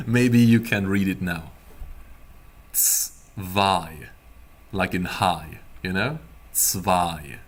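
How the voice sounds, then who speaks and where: A man teaching a beginner language class, explaining pronunciation slowly in a playful, teasing way. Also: low-pitched. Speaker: German teacher.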